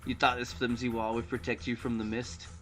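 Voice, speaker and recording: A man's voice: medium pitch, level tone, brisk, a bit bright, lightly acted. A man putting on a sneering mist villain. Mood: contemptuous. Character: arrogant male mist villain, scornful of humans. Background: game music.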